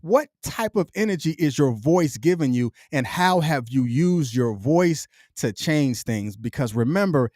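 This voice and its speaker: A middle-aged man speaks straight into a dry, close mic, his voice sitting a touch higher than most men's. He builds a motivational monologue in rolling, repeated phrases with a preacher's cadence. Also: lively intonation, measured pace, few pauses, a little mellow, dry recording. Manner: reflective, repetitive, preacher-like cadence. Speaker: podcast host.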